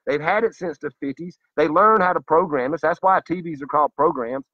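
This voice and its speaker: Speaking a little fast in a high-pitched voice, a male vlogger delivers a fired-up, profane, preachy monologue to camera for his viewers. The audio is dull, with no room sound.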